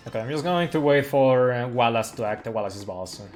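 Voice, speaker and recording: A man giving casual live commentary on his speedrun of a game, chatty, full of fillers and quick laughs. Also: mid-range voice, a little mellow. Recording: faint music behind. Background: faint game music.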